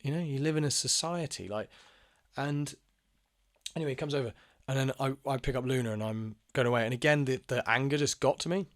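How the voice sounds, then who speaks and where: A young man talks through a personal story in a loose, unscripted monologue. He rambles, restarts his sentences and swears freely. His voice sits at a middle pitch, and the sound is dry and close with no room echo. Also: a little fast. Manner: rambling, frank and profane, with many fillers and restarts. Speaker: channel host telling personal stories. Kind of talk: casual monologue.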